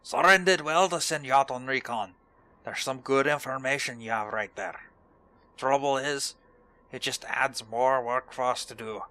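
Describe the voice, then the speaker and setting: A man's voice: medium pitch, normal speed, sharp tone, natural voice. A man putting on a stern dwarf quest-giver. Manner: strained put-on dwarven accent.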